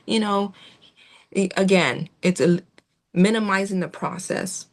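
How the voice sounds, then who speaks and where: A woman giving a gentle, reassuring training talk to veterinary staff, with fillers and restarts. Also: mid-range voice, lively intonation, a little slow. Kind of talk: instructional talk on client communication.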